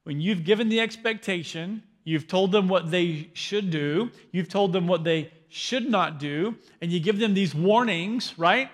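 A man's voice: high voice, normal speed, few pauses, long reverb tail. A man in his thirties, a pastor preaching a parenting sermon in a conversational, joking way, often asking the crowd questions. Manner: conversational, asks the crowd questions, self-deprecating humor.

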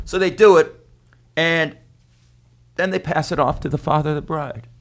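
A man telling a rowdy story in a casual podcast chat, animated and swaggering, acting out the people he describes. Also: on the high side, normal speed. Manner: animated, swaggering storyteller who acts out the people in his stories. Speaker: podcast co-host.

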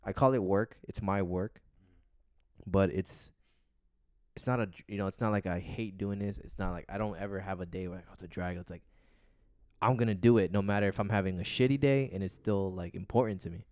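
This podcast co-host has a very low, smooth voice and speaks briskly, drifting from topic to topic in a laid-back ramble peppered with swear words. The audio is dry and close, with no room sound.

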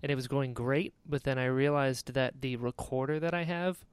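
A man from North Carolina hosting a podcast, chatting in a relaxed, friendly way and laughing often. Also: medium pitch, moderate pace, clear, resonant tone, no echo. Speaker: podcast host. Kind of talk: casual chat. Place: home studio in Florida, dry sound.

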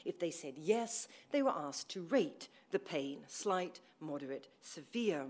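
A woman's voice: sits low, lively intonation, a little slow, a little mellow. A woman giving a history lecture to an audience, reading from her notes, with frequent ums and self-corrections. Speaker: academic lecturer. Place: room with an audience.

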